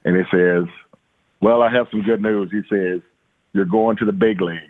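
A man's voice: lowish voice, fairly even intonation, normal speed. A middle-aged man from Louisiana, a former baseball player, telling stories in a rambling, casual way with many fillers and repeated words. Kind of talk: casual storytelling interview. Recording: tinny phone-like line.

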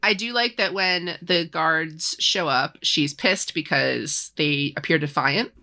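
Animated woman with a bright voice. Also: deep voice. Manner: animated, acts out characters in quick asides. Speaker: podcast co-host. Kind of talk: casual chat recapping a book.

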